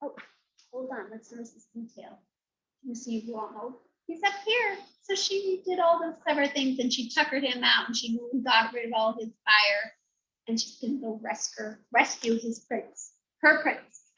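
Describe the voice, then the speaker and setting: A woman teacher reads a picture book aloud to young children, stretching her words in an animated way. Her voice is high and bright, and she takes her time. It comes through a dull, lo-fi recording. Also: slight background noise. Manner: animated, drawn-out storytelling.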